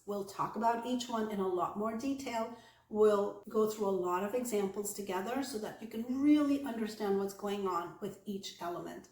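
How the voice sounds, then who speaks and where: A woman with a slightly high voice teaches English pronunciation in a clear, deliberate way, slowing down to model example sentences. Her voice rings a little in an echoey room. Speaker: English accent coach. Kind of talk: online English pronunciation lesson.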